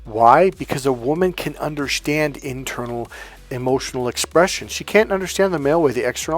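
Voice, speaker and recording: Male dating coach, casual and profane, acts out voices, middle-pitched, faint background music. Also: fairly quick. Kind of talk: casual monologue.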